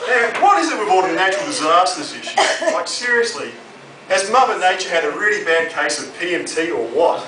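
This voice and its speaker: A man's voice: high voice, very animated, fairly quick, crowd noise. A young Australian man doing a crude, sardonic stand-up comedy set on a club stage. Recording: roomy, distant live club recording with audience noise.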